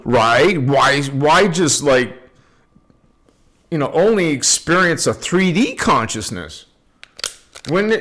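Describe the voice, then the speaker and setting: A man hosting a casual spiritual livestream, greeting viewers by name in a playful way and laughing often. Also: high voice. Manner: relaxed and unhurried. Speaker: livestream host.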